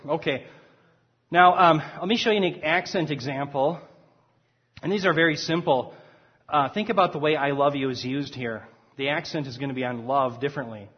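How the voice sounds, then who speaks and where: A middle-aged man delivers a relaxed classroom lecture in a husky, slightly high voice, chuckling now and then at his own examples. The recording is dull and lo-fi.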